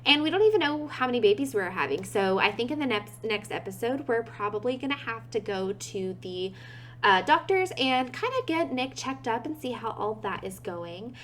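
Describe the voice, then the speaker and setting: A woman's voice: fairly high pitch, lively intonation, normal speed, a bit bright, slight background noise. A woman giving casual gameplay commentary, chatty and giggly, talking to her game characters and her viewers. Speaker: gaming video creator.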